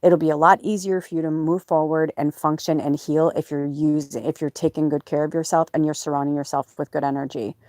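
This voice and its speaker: A woman's voice: low voice, level tone, a little fast, hardly any pauses, darkish tone, no room sound, studio quality. A woman podcast host talking in a rambling, emotional way, full of fillers and restarts, in a casual personal monologue. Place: off-grid home or van.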